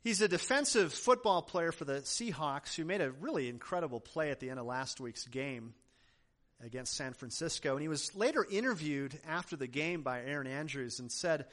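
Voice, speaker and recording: A male pastor delivers a sermon with a lively, swooping delivery that rises and falls through each point. He hammers ideas home with repeated phrases, then drops into easygoing asides to the congregation. His voice sits a bit high for a man. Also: moderate pace. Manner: emphatic preaching with repeated phrases; conversational asides.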